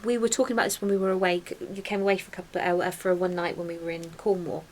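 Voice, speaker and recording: A woman's voice: fairly low pitch, little pitch movement, very fast, a little mellow, slight background noise. Reflective woman giving advice. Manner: encouraging, reflective, gives advice. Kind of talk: casual chat.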